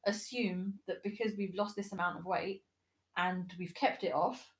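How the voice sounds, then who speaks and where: A woman's voice: medium pitch, fairly even intonation, a little slow. A woman hosting a podcast, chatting casually and agreeing with her guest. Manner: conversational, agreeing, laughs easily. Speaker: podcast host. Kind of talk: casual interview chat.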